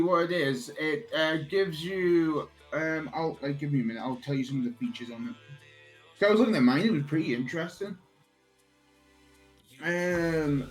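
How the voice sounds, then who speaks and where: A man's voice: a little high, poor audio. A man chatting casually with a friend on a stream, rambling and restarting while he explains things. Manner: rambling, many fillers and restarts, joking. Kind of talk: casual chat.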